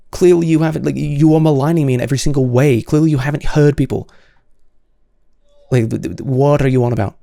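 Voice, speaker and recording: A man's voice: mid-range voice, fairly quick, creaky, dark tone, no echo, clean studio sound. A man hosting solo commentary, answering comments in an exasperated, sarcastic way with many stammered restarts.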